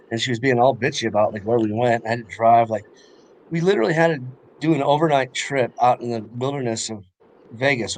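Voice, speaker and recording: Rambling young man telling a story. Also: mid-range voice. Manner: rambling storytelling full of fillers and swearing. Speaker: podcast co-host. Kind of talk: casual chat.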